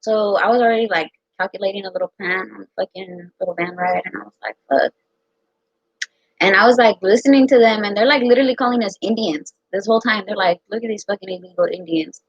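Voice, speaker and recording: A young American woman telling a personal story in a casual, profane, animated way. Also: mid-range voice, a little fast, dry recording. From United States. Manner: profane, animated, quotes others in her own voice. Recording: dull lo-fi sound.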